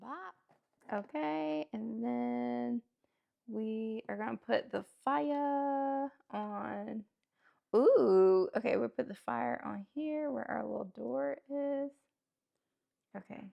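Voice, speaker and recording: A woman's voice: on the high side, takes it slowly, creaky, highs cut off. A woman at home chatting casually while building a toy kit, rambling with lots of fillers and self-talk, laughing often. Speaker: host.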